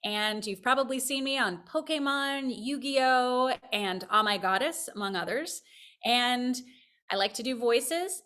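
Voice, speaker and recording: A voice actress chatting as a podcast guest, her woman's voice a little tired and rough, talking loosely with lots of fillers. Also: fairly high pitch, animated, a little slow, a bit bright. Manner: chatty, self-deprecating, full of fillers. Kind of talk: casual interview chat.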